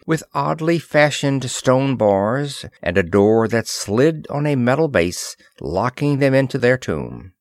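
A man narrating a science-fiction adventure audiobook in dramatic, expressive storytelling. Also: fairly low pitch, no echo, studio quality. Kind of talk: scripted narration.

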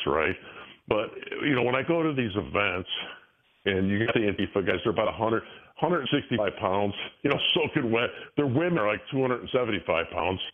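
Older male guest on a tinny phone line, rambling storyteller, lowish voice. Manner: rambling, many restarts, chuckles often. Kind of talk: casual interview talk.

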